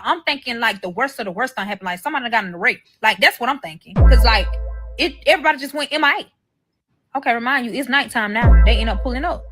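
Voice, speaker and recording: A woman with a fairly high voice tells a story in a story-time clip. She swears constantly and acts out every quoted line. She keeps the delivery animated throughout. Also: brisk, faint music behind.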